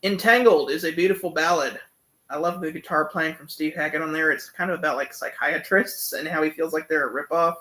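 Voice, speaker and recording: A man's voice: fairly high pitch, brisk, pushed and bright. A young man giving a casual, enthusiastic album review, full of fillers and humming along to the songs. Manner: enthusiastic, many fillers, hums and sings along. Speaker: music reviewer.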